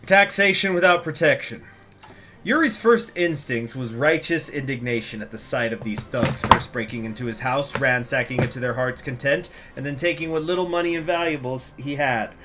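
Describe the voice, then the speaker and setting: A man in a mid-range voice rambles casually through a strategy game, joking with viewers and reading event text aloud. Soft music plays underneath his talk. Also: mid-range voice, normal speed, hardly any pauses. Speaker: gaming channel host.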